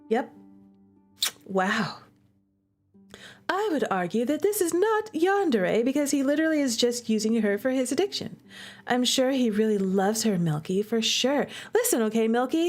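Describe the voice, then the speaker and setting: Playful young woman streaming a game. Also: sits high. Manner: playful, animated, chatty. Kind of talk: casual game commentary.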